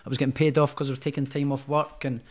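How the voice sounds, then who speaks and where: As a guest in a casual storytelling interview, a young professional boxer talks through his career in rambling, animated stories with a lot of restarts. His voice is middle-pitched for a man, loose and unscripted, and he speaks at a racing pace.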